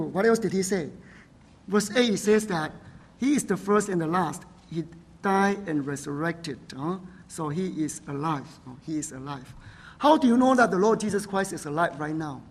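High-voiced husky man preaching. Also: animated, fairly quick. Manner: frequent "right?" and "huh?" tag questions, non-native phrasing. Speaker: pastor. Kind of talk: sermon.

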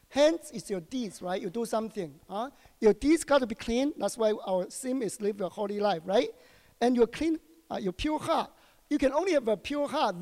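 High-voiced Taiwanese pastor preaching. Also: male voice, big-room sound. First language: Chinese. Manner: animated, repeats questions to the congregation, halting English. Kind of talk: sermon. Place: church hall.

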